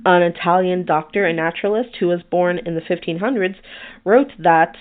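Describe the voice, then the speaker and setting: A woman's voice: fairly low pitch, moderate pace. Chatty woman on a tinny line. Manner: chatty, self-deprecating, stumbles over names. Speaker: podcast host. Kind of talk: casual chat reading research notes. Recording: tinny phone-like sound.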